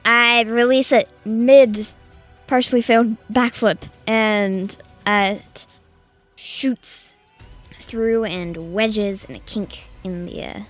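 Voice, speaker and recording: A woman playing in a tabletop game, giggly and hesitant, often pausing with ums. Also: on the high side, steady tone, faint music behind. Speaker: player.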